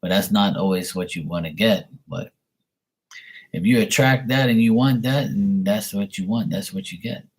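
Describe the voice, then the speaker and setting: A young man hosting a live stream, reading angel cards and chatting with viewers in a relaxed, rambling way. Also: lowish voice, moderate pace, slightly rough. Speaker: livestream host doing card readings.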